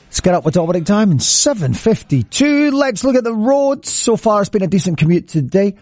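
An upbeat man runs a morning radio show, chatting through traffic and a story. His voice sits on the high side and sounds close and dry, with no room behind it. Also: big pitch swings, a little fast, darkish tone, dry recording. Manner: upbeat, chatty, jumps around in pitch. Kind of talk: casual radio chat. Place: radio studio.

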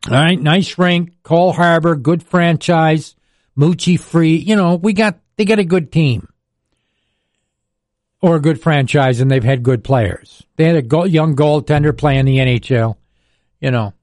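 A man's voice: fairly high pitch, measured pace, darkish tone, no echo, studio quality. An older man, a radio sports broadcaster telling rambling stories in casual chat, chuckling often.

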